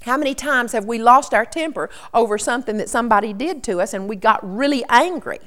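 A woman's voice: a little high, a little fast, fairly bright tone. A woman preaching a sermon in an earnest, storytelling teaching tone.

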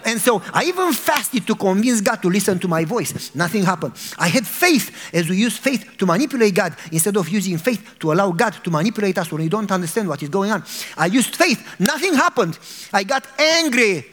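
A Romanian pastor in middle age preaches briskly in a high voice, relating a comic personal story. Laughing and animated, he dramatizes his own frustration.

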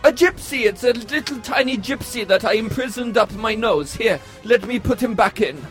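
A man's voice: very high-pitched, normal speed, fairly bright tone, faint music behind. A man playing a spy posing as a Nazi job applicant in a comedy sketch, stiff and falsely earnest. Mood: flustered.

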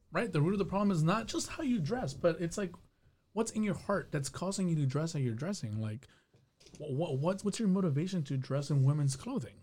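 An earnest man with a somewhat high voice joining a church group discussion. He builds his point with repeated words and rhetorical questions. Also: dark tone, slight background noise.

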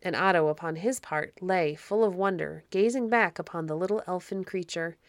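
A woman reads an old storybook aloud in a measured, expressive way. Her voice sits slightly low, and the recording is dry and close with no room echo. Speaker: audiobook narrator. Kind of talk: scripted storybook narration.

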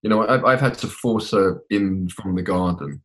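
A man's voice: low-pitched, moderate pace. A man from England, a podcast guest, chatting casually and hesitantly with many repeated words. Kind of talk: casual chat.

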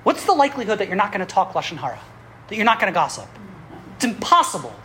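A woman teaching a class on Jewish history, telling stories in an animated way with frequent chuckles and restarts. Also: medium pitch, quick pace, a little hiss or hum. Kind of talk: classroom lecture with storytelling. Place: classroom with students.

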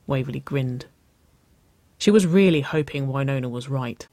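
A soft-spoken audiobook narrator who tells the story at an even pace, in a mid-range voice. The recording is dry and close. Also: medium pitch, moderate pace, dry recording. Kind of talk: audiobook reading of fan fiction.

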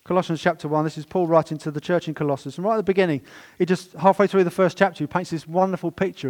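A man preaching a sermon in a church, telling stories and stressing words with swings in loudness. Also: high voice, quick pace. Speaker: pastor.

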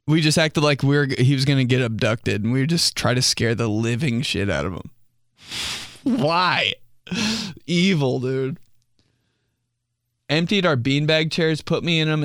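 A young man hosts a casual podcast on his own, with a smooth, resonant voice sitting at a middle pitch. He talks loose and slangy, jokes, and laughs easily. The sound is close and dry. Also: a bit bright, no echo. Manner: loose and joking, slangy, quick laughs, acts out quotes. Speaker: podcast host. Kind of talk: casual solo podcast talk.

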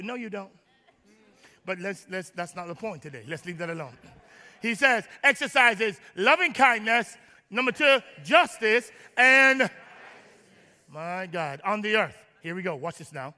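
A man preaching a sermon to his church, joking with the congregation and rising to shouts. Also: high voice, animated, measured pace, big-room sound. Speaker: pastor. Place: large church.

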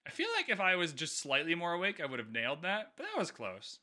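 A young man co-hosts a relaxed book-discussion podcast, thinking out loud with frequent fillers and false starts. His voice is very bright and slightly high for a man, swinging widely in pitch as he goes. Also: fast talker. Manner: rambling, lots of "like" fillers and restarts. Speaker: podcast co-host.

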